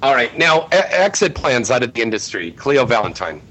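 A man's voice: big pitch swings, a little fast, noisy background. A man hosting a live panel talk show, joking and teasing his guests. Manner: joking, teasing, wildly swinging pitch.

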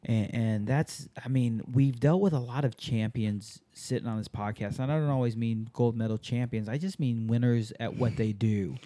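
A man's voice: medium pitch, normal speed, hardly any pauses. A young man hosting a podcast in casual, profane and joking chat. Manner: profane, animated, joking, blunt. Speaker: podcast host.

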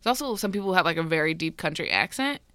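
A woman's voice: lowish voice, expressive, racing, a bit bright, clear, resonant tone, no echo. A young woman co-hosting a podcast, chatting casually and reading out an urban legend, giggly and rambling off track. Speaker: podcast co-host.

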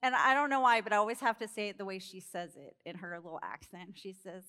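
A woman preaching a sermon in an animated storytelling way, acting out characters and laughing along. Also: mid-range voice, fast, few pauses.

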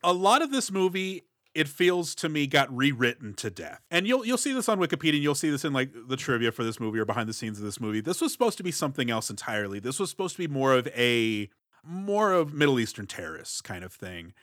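A man's voice: medium pitch, sing-song, quick pace, a bit bright, no room sound, studio quality. A man co-hosting a movie podcast, making mocking jokes about a film's plot in casual chat. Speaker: podcast co-host.

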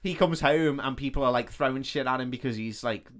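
A man on a podcast, casually retelling a film plot with swearing and quick voiced-out lines for each character. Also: mid-range voice. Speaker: podcast co-host.

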